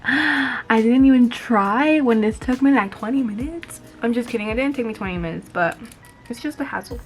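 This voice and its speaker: Young woman, chatty code-switcher, bright high voice, light music bed. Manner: chatty, switching between English and Spanish mid-sentence. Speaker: beauty vlogger. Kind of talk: casual get-ready-with-me chat.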